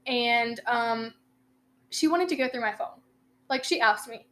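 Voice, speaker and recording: Young woman co-host, high voice, lively profane storyteller who acts out quotes. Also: measured pace. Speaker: podcast co-host. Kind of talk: casual storytelling chat.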